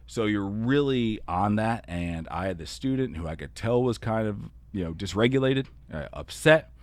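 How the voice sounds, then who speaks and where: In an earnest, animated solo podcast episode, an educator with a very low voice explains things at normal speed, often saying "you know" and "kinda." The recording is close and dry, with no sense of a room.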